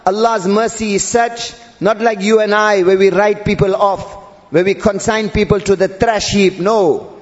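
A man's voice: high voice, fairly even intonation, normal speed. A male preacher delivering a sermon, drawling and repeating Arabic terms with rising emphasis. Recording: dull audio in a long-reverb hall.

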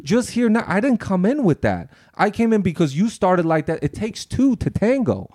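A man defending himself in a podcast argument, halting and stammering as he tries to explain how he felt. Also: sits high, big pitch swings, a little mellow. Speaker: podcast co-host.

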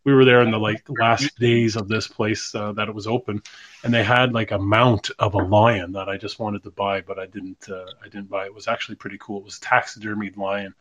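A man's voice: lowish voice, little pitch movement, a little fast, fairly bright tone, lo-fi sound. A man hosting a casual livestream chat, rambling along with lots of fillers and restarts. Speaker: podcast host.

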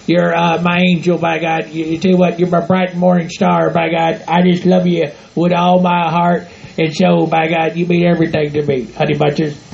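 A rowdy hillbilly husband with a gravelly, high-set voice and a thick drawl, stammering and folksy, as a man puts him on for a comedy podcast. The sound is dull and lo-fi, like a cheap home recording. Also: little pitch movement, darkish tone, slight background noise. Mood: tender. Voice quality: gravelly, repeats "by God" constantly. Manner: halting, stammering, sentimental. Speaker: podcast regular. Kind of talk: comedic role-play podcast.

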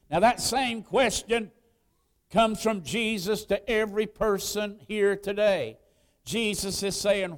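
High-voiced man preaching a slow sermon. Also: fairly even intonation, big-room sound. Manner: preaching with rising emphasis, drawn-out stresses. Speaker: pastor. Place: church sanctuary.

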